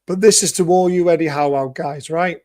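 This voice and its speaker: A hoarse, excitable man hosts a live fan celebration show, laughing between lines. His voice sits a little high and sounds close and dry, with no room around it. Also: brisk, no room sound. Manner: excitable, laughing, hung over. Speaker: host. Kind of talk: casual chat.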